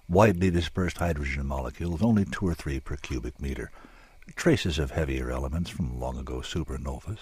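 Male audiobook narrator, deep voice, husky, measured and dramatic, dry close recording. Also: darkish tone, no room sound. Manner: measured, dramatic storytelling with drawn-out pauses.

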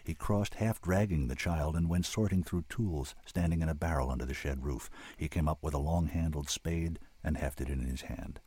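A man with a very deep, husky voice reads a novel aloud in a slow, measured, somber way. The sound is dry and close, with no room around it. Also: dark tone, no echo. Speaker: reader and commentator. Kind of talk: reading a novel aloud, then giving opinion.

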